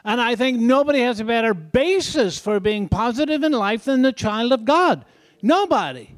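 Older man with a foreign accent, high-pitched, folksy preacher with chuckles, dry close sound. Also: expressive, moderate pace, dry recording. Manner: folksy, asks the crowd "isn't that right?". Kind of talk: sermon.

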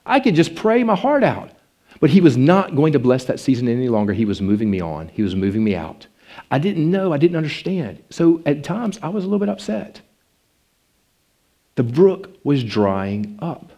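A man preaching a sermon with a personal story, his delivery climbing into passionate pleading and sinking back low. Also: moderate pace. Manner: animated, rising to passionate pleading then dropping low.

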